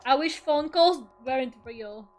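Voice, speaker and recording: Brief: young female streamer, casual and profane, laughs a lot, high voice. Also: unhurried, soft background music. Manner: swears freely, laughs often, rambling. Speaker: VTuber streamer. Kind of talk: casual chat during an art stream.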